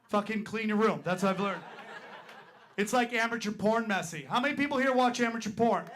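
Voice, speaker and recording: A man's voice: sits high, a little fast, fairly bright tone. A man performing a crude, rambling stand-up set on a club stage, peppering his story with "right?" asides. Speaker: stand-up comedian. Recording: live club recording with crowd laughter and noise. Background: audience laughing and clapping.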